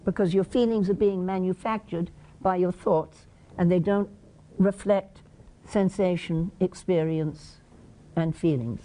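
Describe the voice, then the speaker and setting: A woman's voice: on the low side, fairly even intonation, measured pace, mellow. A woman with an English accent giving a conference lecture, quizzing the audience and acting out short examples. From England. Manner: questions the audience and acts out examples. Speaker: conference presenter.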